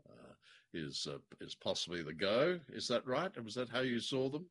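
A man co-hosting a podcast, thoughtful and wry, sometimes slowing down to make a point. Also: mid-range voice, big pitch swings, a bit bright. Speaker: podcast co-host. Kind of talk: casual chat reviewing an old radio drama.

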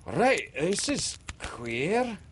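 A man's voice: high voice, wildly swooping pitch, normal speed, vocal fry, fairly bright tone, a little hiss or hum, voice pushed up, heavily acted. A man reading aloud and voicing a simple-minded, eager male pirate who talks hesitantly in a raised voice. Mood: startled.

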